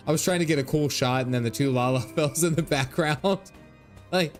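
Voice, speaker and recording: A man in his thirties giving casual gameplay commentary, quick to laugh and full of dad jokes. His voice sits at a middling pitch, and faint game music plays behind him. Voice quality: laughs often, jokey dad humor, reads game lines aloud. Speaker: streamer.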